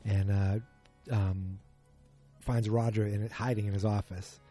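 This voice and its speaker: A man's voice: fairly low pitch, flat delivery, unhurried, warm tone, soft background music. A man hosting a podcast, recapping a TV episode in a casual, rambling way, full of ums and self-corrections. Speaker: podcast host. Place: at home beside a muted streaming screen.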